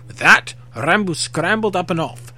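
A man's voice: high voice, expressive, normal speed, sharp tone. A young man reading fan fiction aloud in a casual way, breaking off for jokey asides. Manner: casual, jokey, swears freely.

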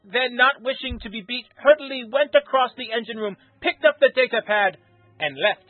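A man with a husky voice reading a fan story aloud in a plain, unpolished way, with small slips. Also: very high voice, normal speed, no room sound. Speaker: story reader. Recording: tinny phone-like recording with faint music.

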